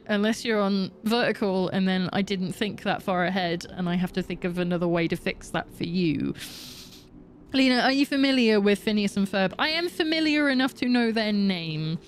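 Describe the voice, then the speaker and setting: A woman's voice: mid-range voice, lively intonation, normal speed, a little hiss or hum. A young adult woman livestreamer chatting casually with viewers, rambling and laughing often. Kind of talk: casual chat with stream viewers.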